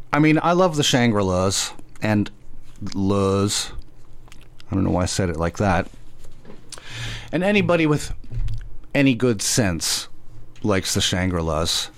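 Slow-talking male radio DJ. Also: mid-range voice. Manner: rambling, chatty, self-correcting with small laughs. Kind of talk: casual radio show chat.

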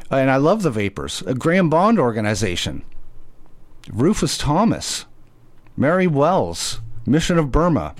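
Slow-talking male radio DJ. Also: medium pitch. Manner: rambling, chatty, self-correcting with small laughs. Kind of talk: casual radio show chat.

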